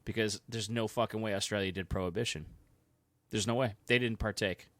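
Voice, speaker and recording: A man's voice: fairly low pitch, steady tone, fairly quick, fairly bright tone, no echo. A young man co-hosting a podcast, riffing and swearing in casual chat. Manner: profane, joking, riffing. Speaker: podcast co-host.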